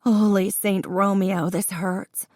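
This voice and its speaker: A woman voicing a young pregnant woman in labor, high and pleading. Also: level tone, slow pace, darkish tone, no echo, clean studio sound, natural voice. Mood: pained.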